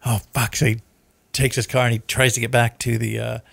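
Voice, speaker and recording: A man's voice: medium pitch, brisk, vocal fry, dry recording. A man hosting a casual podcast, rambling and swearing as he retells movie plots. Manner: rambling, profane, animated storyteller. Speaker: podcast host.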